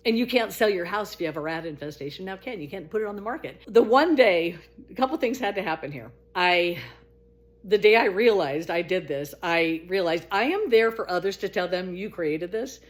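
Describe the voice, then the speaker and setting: Telling her own story in a brisk, casual manner, a middle-aged woman stays animated throughout. Her quotes shoot up high and exclaimed, other moments sink into low murmurs, and laughter keeps breaking through.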